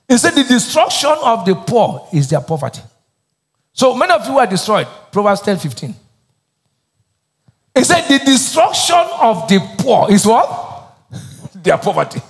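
In a large hall, a pastor with a high voice leads a sermon and gets the crowd to complete his lines, call-and-response style. He is a Nigerian man speaking Nigerian English.

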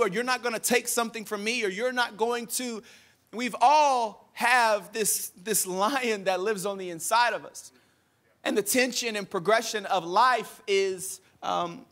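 A male pastor in his thirties preaches in a strikingly high voice that swoops up and down. His bright, ringing tone carries animated, humorous stories told in casual slang.

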